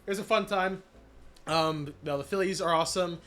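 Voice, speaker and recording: A man streaming live, recapping his channel's year in a casual, energetic way with many fillers and shout-outs, voice cracking after being sick. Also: high voice, moderate pace. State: recovering from illness, voice cracking.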